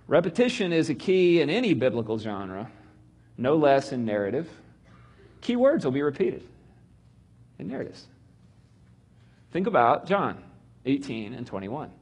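Middle-aged male Bible teacher, husky, animated, acts out the quotes. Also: medium pitch. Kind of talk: animated teaching on reading Scripture.

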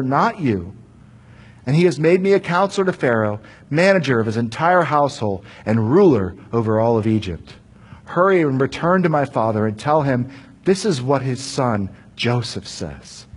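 A man's voice: a little high, husky. A man voicing a powerful ruler who speaks firmly but reassuringly to his brothers. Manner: commanding then reassuring. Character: powerful forgiving adult ruler Joseph.

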